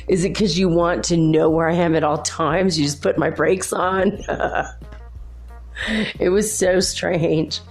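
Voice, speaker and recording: A woman and mother hosts her own talk show, telling personal stories in a loose, rambling way. Her voice sits low and has a gravelly edge, and she laughs often between thoughts. Faint music plays quietly behind her. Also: steady tone, measured pace. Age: adult with children. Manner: rambling, chatty, laughs often, many "like"s and restarts. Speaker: host. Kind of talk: casual personal storytelling.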